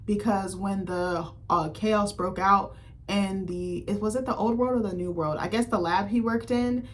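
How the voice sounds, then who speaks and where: A woman's voice: medium pitch, steady tone, normal speed. A woman giving a casual, profane film recap as a critic vlogger, full of fillers like "like" and "um". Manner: chatty, profane, heavy on fillers like "like" and "um".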